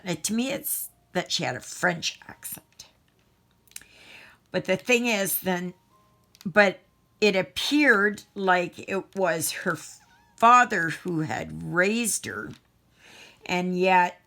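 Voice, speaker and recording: Middle-aged Canadian woman, crafting vlogger, rambling casual chat, unhurried delivery, lower-pitched voice. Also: vocal fry, sharp tone. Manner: rambling, self-interrupting, chatty.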